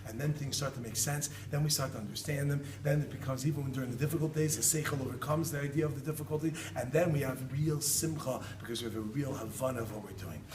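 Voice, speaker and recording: Brief: animated male rabbi, story-driven sermon, distant mic, roomy echo. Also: mid-range voice, quick pace, few pauses. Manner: animated, acts out quoted voices, laughs often. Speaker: rabbi giving a talk. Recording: echoey room, distant mic, loud background noise.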